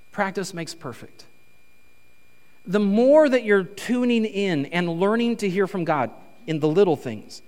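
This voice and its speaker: A male pastor giving a conversational, animated sermon in a church. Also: high-pitched. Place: church sanctuary. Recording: reverberant church hall.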